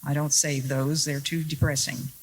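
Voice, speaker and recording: A woman preaching a sermon to an audience, earnest and deliberate, with wry rhetorical questions and stressed key words. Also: sits low, level tone, a little hiss or hum, poor audio. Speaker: Christian speaker.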